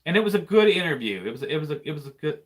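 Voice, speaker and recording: A man's voice: on the high side, big pitch swings, rapid-fire. A man, a trucker hosting a casual live chat, rambling and repeating himself as he talks. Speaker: trucker and channel host.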